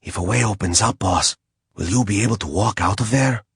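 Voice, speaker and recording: A man voicing an anxious, loyal familiar creature who is struggling to stay calm. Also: lowish voice, fairly quick, creaky, husky, no echo, clean studio sound, exaggerated voice. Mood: worried. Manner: worried, pleading, fighting to stay calm.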